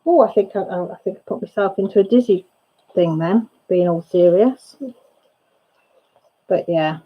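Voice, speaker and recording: With a voice on the low side and slightly rough, a woman runs a relaxed crafting stream from her home at a moderate pace. The highs are cut off in the recording. Her talk is chatty and meandering, often breaking off partway through an idea.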